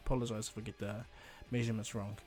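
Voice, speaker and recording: A man's voice: on the low side, level tone, fast, a little mellow, soft background music. A man casually retelling a fan-fiction story, rambling, with fillers and repeated "and he goes".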